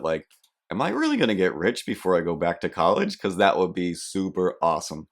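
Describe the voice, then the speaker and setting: A young man hosting a podcast, telling a rambling, self-deprecating comic story with animated asides. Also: low voice, normal speed. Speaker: podcast host. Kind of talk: comedic storytelling monologue.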